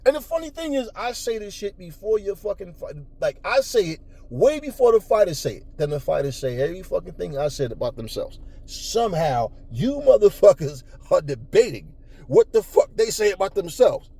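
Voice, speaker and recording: A middle-aged man ranting at his viewers in a mellow, slightly raised voice. He swears freely, argues in a confrontational way and mocks how other people talk. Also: sits high, sing-song, normal speed, gravelly. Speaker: boxing talk show host. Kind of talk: ranting commentary.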